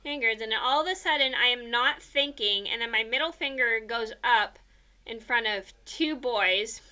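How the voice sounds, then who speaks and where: A woman's voice: on the high side, normal speed, bright, forceful tone. A young woman casually telling a personal story, rambling with many fillers and repeated "blah, blah, blah.".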